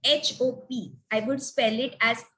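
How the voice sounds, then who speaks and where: A woman gives an online phonics lesson in a fairly high voice. She talks at an unhurried, deliberate pace and sounds out letters and example words one by one. The sound is that of a video call. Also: steady tone, fairly bright tone, poor audio. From India. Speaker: phonics teacher. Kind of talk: webinar lesson.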